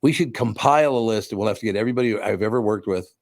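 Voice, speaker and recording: A man's voice: on the low side, racing, no room sound, studio quality. A man hosting a radio show, trading wisecracking, self-mocking banter with his co-hosts.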